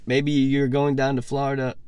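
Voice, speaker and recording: A young man chatting on a podcast, an excitable storyteller who swears a lot. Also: mid-range voice, moderate pace, smooth, no echo. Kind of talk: casual chat.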